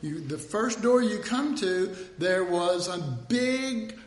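A man's voice: sits high, animated, slow. A man preaching a humorous sermon, acting out dialogue and drawing a diagram as he speaks. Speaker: pastor. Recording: roomy echo.

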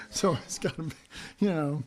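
A man preaching a sermon, swinging from hushed whispers to loud emphasis, with folksy, chuckling asides. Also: on the high side, slight background noise.

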